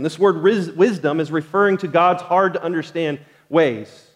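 Male pastor, earnest conversational preacher, slightly higher voice, echoing church hall. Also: moderate pace, few pauses. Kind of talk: sermon. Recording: long hall reverb.

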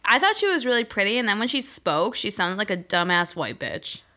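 A woman's voice: mid-range voice, sing-song, a little fast, pushed and bright. Blunt, foul-mouthed young woman. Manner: blunt, swears freely, mocking impressions. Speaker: podcast co-host. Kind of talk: casual chat.

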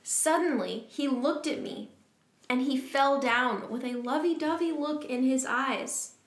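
A woman's voice: sits high, unhurried. A woman co-hosting a comedy podcast, reading a fan fiction aloud and laughing often. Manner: amused, often breaks into laughter while reading. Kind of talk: comedic reading and casual chat. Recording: roomy echo.

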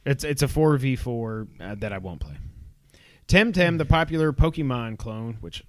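A man's voice: mid-range voice, expressive, moderate pace, dry recording. A man co-hosting a casual podcast, reading through gaming news with wry asides. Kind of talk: casual chat.

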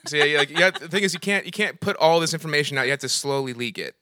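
A young man with a bright, forward voice, bantering crudely as a podcast co-host. He laughs a lot and trips over his words, repeating them as he goes. The sound is close and dry, with no room around it. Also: on the high side, very fast, no room sound. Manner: joking, laughs often, stumbles and repeats words.

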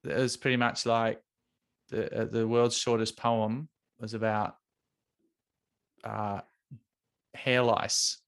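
A man's voice: medium pitch, flat delivery, takes it slowly, long pauses, a bit bright. A man co-hosting a podcast, joking and rambling through stories in casual chat. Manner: jokey, rambling storyteller. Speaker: podcast co-host.

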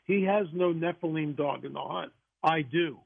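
A man, a guest author on a radio interview, telling stories in an animated way with quick restarts. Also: a little high, vocal fry, breathy edge. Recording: tinny phone line.

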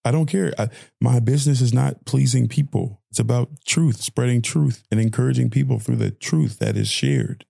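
A man's voice: medium pitch, steady tone, normal speed, gravelly, few pauses, warm tone, slightly rough, dry recording, studio quality. A young man hosting a podcast, delivering an impassioned audio-diary rant with lots of repeated phrasing. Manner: impassioned ranting, repetitive phrasing. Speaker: podcast host.

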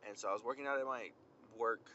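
A young man chatting casually as he tells a story outdoors on a windy day, animated and slangy. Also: medium pitch, fast talker. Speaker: vlogger. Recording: lo-fi outdoor recording with traffic noise. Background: wind and passing traffic.

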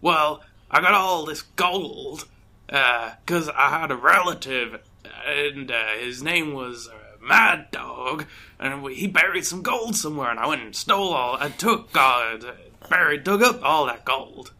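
A man voicing a hundred-year-old man in a hot tub, who rambles with many pauses and fillers in a tabletop game. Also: on the high side, animated, pushed and bright, heavily acted. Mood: rambling. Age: older. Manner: hesitant, halting speech full of "uh".

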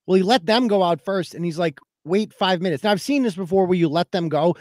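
A man's voice: high voice, a little fast, a little mellow, dry recording. A man hosting a podcast, telling a story in a heated, profane rant and acting out other people's lines as he goes. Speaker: podcast host.

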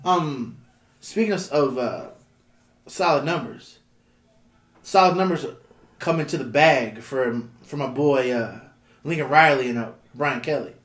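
A young man co-hosting a casual podcast, steering the topics and halting often with ums and repeated words. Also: mid-range voice, fairly bright tone. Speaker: podcast co-host. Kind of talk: casual chat. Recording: roomy echo.

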